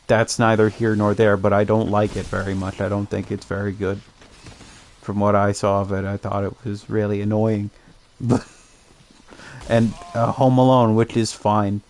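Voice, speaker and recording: A man's voice: on the low side, darkish tone. A young man, chatting casually while streaming a game, rambling and amused at his own jokes. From Canada. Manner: rambling, self-amused, joking asides. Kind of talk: casual commentary while gaming.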